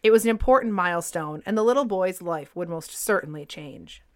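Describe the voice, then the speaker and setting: A woman co-hosting a podcast, reading scripted history narration in a clear, even way. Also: fairly low pitch, a little fast. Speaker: podcast co-host.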